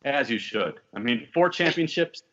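A man's voice: medium pitch, animated, moderate pace, a bit bright. A man hosting a podcast in casual sports chat, wry and talkative with joking asides. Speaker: podcast host. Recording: dull lo-fi audio.

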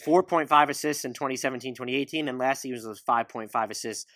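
A man's voice: medium pitch, fast, a bit bright, no echo, clean studio sound. A man in his thirties hosting a casual sports talk show, questioning his guest and reeling off stats. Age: 30s. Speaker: podcast host.

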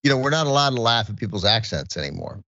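A man co-hosting a podcast in casual chat, talking in halting bursts with many restarts and chuckling asides. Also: mid-range voice, big pitch swings, sharp tone, lo-fi sound. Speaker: podcast co-host.

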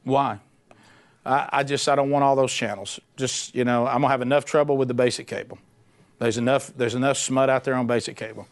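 A middle-aged man who once hosted radio preaches a sermon, his mid-range voice a little fast. His delivery is animated and conversational, driven by punchy repetition.

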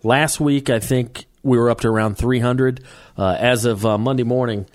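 Male podcast co-host, casual, conversational, mid-pitched, plain delivery. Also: steady tone. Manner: conversational, gives quick news updates, many affirming murmurs. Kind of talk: casual chat.

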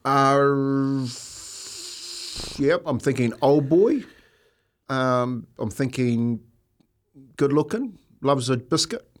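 A man co-hosting a radio show, throwing in quick wisecracks. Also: mid-range voice, lively intonation, a little hiss or hum. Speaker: radio co-host. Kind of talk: casual radio banter.

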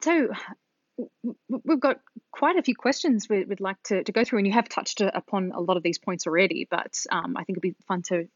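A woman's voice: mid-range voice, fairly quick, dry recording, dull audio. A woman co-hosting a podcast, asking an author questions in a hesitant way with frequent restarts. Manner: hesitant, with restarts and light laughter. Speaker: podcast co-host. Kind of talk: interviewing.

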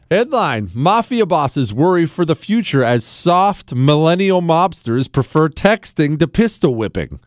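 A man hosts a call-in talk show in a high, lively voice, sliding up and down as he throws out sarcastic jabs. The sound is close and dry, with no room around it. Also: no echo. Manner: wisecracking, laughs often, sarcastic asides. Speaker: radio talk show host. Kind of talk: call-in show banter and headline reading.

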